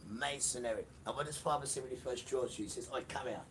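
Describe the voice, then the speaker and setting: A man's voice: medium pitch, fast, slight background noise. A man preaching an emphatic livestream sermon, repeating phrases and speaking straight to the listener. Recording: distant mic with loud music behind.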